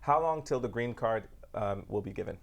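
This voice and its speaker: A man's voice: lowish voice, animated, moderate pace, vocal fry. A man co-hosting a live talk show, reading viewer questions aloud with laid-back, wisecracking asides.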